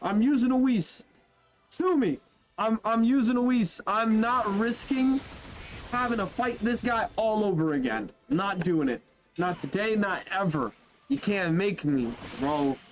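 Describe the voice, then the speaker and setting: A young man with a high voice talks casually over his gameplay, animated and chatty, often trailing off mid-thought. Faint game music plays behind him. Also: a little slow. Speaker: gaming YouTuber. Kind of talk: casual let's-play commentary.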